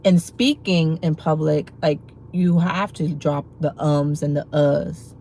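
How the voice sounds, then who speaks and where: A woman's voice: sits low, takes it slowly, mellow, a little hiss or hum, poor audio. A woman hosting a livestream, chatting casually to her viewers in rambling talk full of fillers and restarts, and laughing easily. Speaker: livestream host.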